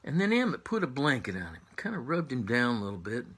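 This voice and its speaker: A man telling a tall tale in a halting, suspenseful way, dropping to a hush at tense moments. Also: medium pitch, wildly swooping pitch, breathy edge. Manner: halting, restarts, drops to whispers for suspense. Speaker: storyteller.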